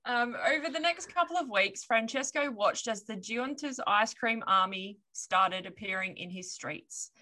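A woman with a bright, higher voice telling a story on a casual podcast. She breaks into laughter often and drops wry asides between the plot points. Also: measured pace, hardly any pauses.

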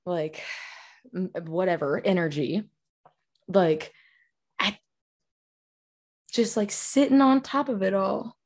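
A woman's voice: medium pitch, takes it slowly, long pauses, a little mellow. A woman in casual chat, reflective and rambling with many fillers.

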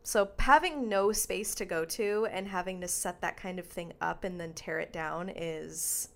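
A woman's voice: fairly low pitch, a little slow, fairly bright tone. Gushing, enthusiastic woman podcast co-host. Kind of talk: casual chat.

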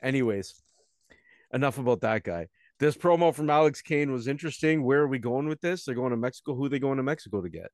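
A man's voice: mid-range voice, lively intonation, fast, darkish tone, dry recording, clean studio sound. A man co-hosting a casual podcast, rambling with lots of fillers and restarts. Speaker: co-host.

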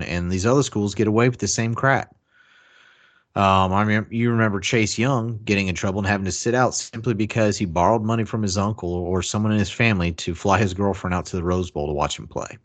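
A man with a lowish voice pushes back hard in a casual sports argument, insistent and full of fillers. He talks things through with plenty of ums and restarts. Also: fairly quick.

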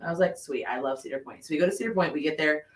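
A man co-hosting a podcast, telling a story in casual chat with swearing and animated asides. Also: a little high, very fast, distant mic. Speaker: podcast co-host. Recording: roomy sound from off the mic.

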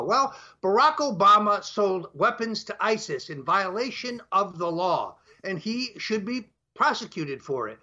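Emphatic older man, bright high voice. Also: very animated, a little slow, hardly any pauses, highs cut off. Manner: emphatic, lays out numbered points. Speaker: guest. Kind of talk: talk show interview.

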